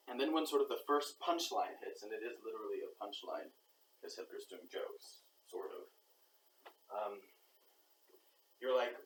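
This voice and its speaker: A man's voice: on the low side, moderate pace, long pauses. A man talking through his ideas aloud in a rambling reflective monologue, breaking into little voices for the reactions he describes. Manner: thinking aloud, acts out quoted reactions. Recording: roomy echo, far from the mic, faint background noise.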